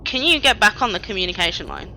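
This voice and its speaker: A woman in a casual tabletop session, playing the ship's captain. She gives orders chattily, with lots of fillers. Her voice is bright, over a faint hiss. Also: mid-range voice, big pitch swings, fast, low-quality recording. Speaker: player as ship captain. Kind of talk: casual tabletop role-play.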